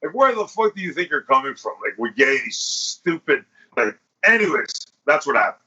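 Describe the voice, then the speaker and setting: Pushed, bright, and a little high, a male podcast host talks fairly quickly and very animatedly. His casual, lo-fi chat is full of crude, profane stories in which he acts out what others said.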